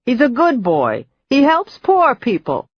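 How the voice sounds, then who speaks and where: A woman's voice: sits high, wildly swooping pitch, unhurried, no echo, muffled recording, pitched above the performer's own voice, exaggerated voice. A cackling old Boston woman. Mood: suspicious. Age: 70s. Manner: curt, suspicious, dismissive. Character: cackling wary old woman behind a door. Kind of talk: audiobook character voice.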